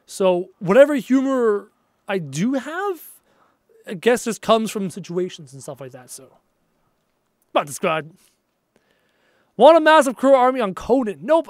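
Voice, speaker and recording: A chatty young man from Canada talks his way through a live gaming stream, reading viewer messages aloud and answering them as he plays. His voice sits fairly high for a man, and the sound is close and dry, with little room in it. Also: dry recording. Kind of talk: casual live-stream chat while gaming.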